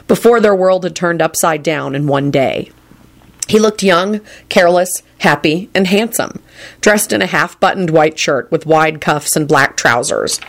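Storybook reader, expressive narration, lively rises and falls, gravelly fry. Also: mid-range voice. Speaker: audiobook reader. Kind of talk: fan fiction audiobook narration.

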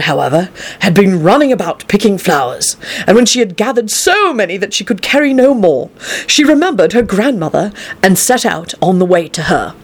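A woman reading a fairy tale aloud in a lively, expressive storyteller's way. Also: mid-range voice.

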